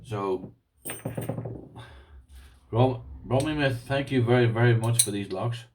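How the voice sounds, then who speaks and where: A man's voice: mid-range voice, slow, background noise. A man with an Irish accent, chatting casually as he unboxes and tries out padlocks, rambling with restarts. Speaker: lock-picking vlogger.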